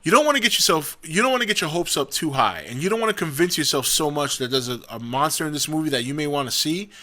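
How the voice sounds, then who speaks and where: A man's voice: on the high side, animated, quick pace, bright, forceful tone. A young man hosting a casual opinion vlog, talking in a rambling, chatty way with frequent restarts and self-corrections. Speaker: vlog host.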